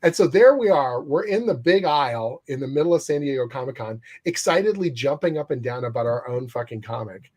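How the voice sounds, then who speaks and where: Animated man telling a story. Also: mid-range voice, fairly quick, hardly any pauses. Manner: animated storyteller, swears freely, acts out quotes. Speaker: guest comics writer. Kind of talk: casual interview chat.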